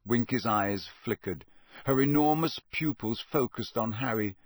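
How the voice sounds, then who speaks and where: As an audiobook narrator, a man reads a novel aloud in scripted narration, keeping a steady, measured storytelling manner. His voice is mid-range and the recording is dry.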